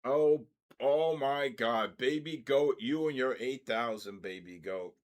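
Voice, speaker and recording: A man's voice: medium pitch, slow pace. An older man hosting a live trading session, chatting casually and greeting viewers by name in upbeat bursts. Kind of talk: casual live-stream chat.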